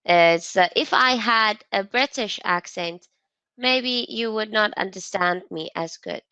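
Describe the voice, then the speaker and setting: A woman's voice: medium pitch, measured pace, smooth, no echo. Chatty woman teacher on a video call. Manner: relaxed, chatty, laughs easily. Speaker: English teacher. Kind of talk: casual conversation lesson.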